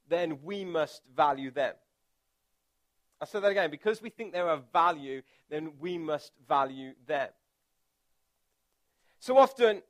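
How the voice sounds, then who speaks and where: A man preaching a relaxed, conversational sermon as pastor, chatty and self-deprecating, with filler words and restarts. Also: high-pitched.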